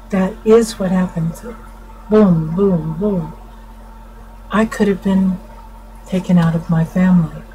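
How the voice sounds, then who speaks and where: A middle-aged woman counselor explaining to viewers in an informal talk, unhurried, restarting her sentences often. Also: lowish voice, darkish tone, poor audio. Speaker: family counselor. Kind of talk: informal teaching talk to camera. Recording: faint background noise.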